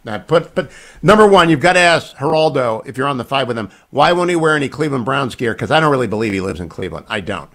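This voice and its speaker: A man's voice: medium pitch, lively intonation, fast, fairly bright tone. A man in his sixties hosting a radio talk show, joking and bantering with his guests. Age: 60s. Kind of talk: casual radio interview.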